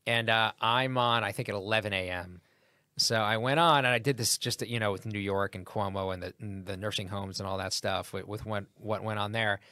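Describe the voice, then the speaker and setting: A comedian in a podcast interview, telling a story in a lively, casual way and acting out what people said. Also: male voice, fairly low pitch, a little fast, clear, resonant tone, dry recording, studio quality. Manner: animated anecdote with acted-out quotes. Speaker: comedian guest.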